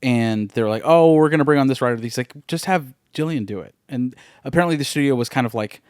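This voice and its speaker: A man co-hosting a movie podcast, relaxed as he recounts behind-the-scenes stories and acts out quotes. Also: mid-range voice, quick pace, clean tone, no room sound, clean studio sound. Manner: relaxed storytelling, acting out quotes. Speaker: podcast co-host. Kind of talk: casual film chat.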